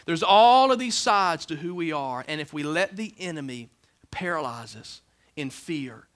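Man, church pastor mid-sermon, high and bright voice, emphatic, swings loud to hushed. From Alabama, USA. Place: church sanctuary with a congregation.

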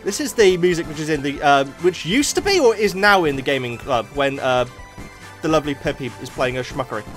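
Excitable gamer with a lively voice. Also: male voice, on the high side, a little fast, soft background music. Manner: excitable, jokey, yelps at near misses. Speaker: gaming YouTuber. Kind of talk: let's play commentary.

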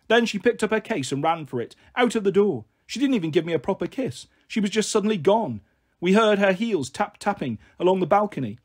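A man reading a children's novel aloud as narrator, in a plain, steady storytelling manner. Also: high-pitched, slightly rough.

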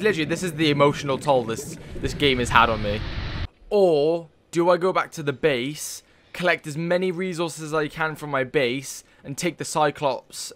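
A man's voice: fairly high pitch, a bit bright. A man giving casual gameplay commentary, thinking aloud with many fillers and swearing when moved. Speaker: let's play gamer.

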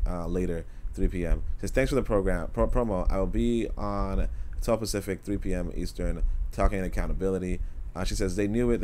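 A man's voice: low voice, slight background noise. A man hosting a casual livestream, reading an essay aloud and chatting loosely with his viewers. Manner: digressive, loose and conversational, with many fillers. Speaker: host reading an essay aloud and answering chat.

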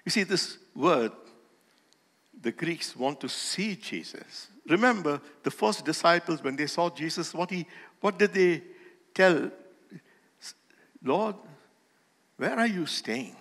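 Speaking in a hall with long reverberation, a pastor delivers his sermon at a measured pace. He presses hard on important phrases, letting them swell louder, while his somewhat high voice rises and falls in animated pitch.

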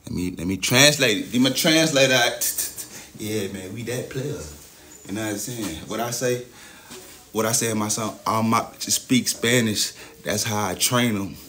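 A young man chats on a livestream in a gravelly, lowish voice. He is boastful and hyped, and he keeps throwing "you know what I'm saying" at his viewers. Faint background noise sits under his voice. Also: moderate pace, a bit bright. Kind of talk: casual livestream chat.

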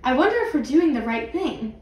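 A woman voicing a gentle, worried mother who murmurs softly in a storybook reading. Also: high-pitched, expressive, a little fast, recorded from a distance, lo-fi sound. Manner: soft, murmuring. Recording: roomy, away from mic.

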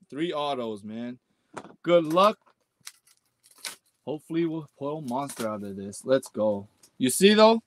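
A man hosting a live sports card break stream. He talks in slangy bursts, groans and shouts at the pulls, and rattles off the hits in a list. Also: on the high side. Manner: slangy, repeats "man" and "let's go".

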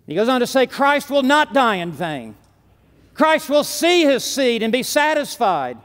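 Emphatic high-voiced male preacher in a hall. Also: big pitch swings, unhurried. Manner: emphatic, building to forceful declarations. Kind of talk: conference sermon. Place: large conference hall.

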